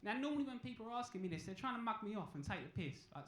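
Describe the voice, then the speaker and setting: On a comedy club stage, a young man delivers a crude, cheeky stand-up set full of deadpan storytelling. His voice sits high and races along, and the room is echoey with faint noise.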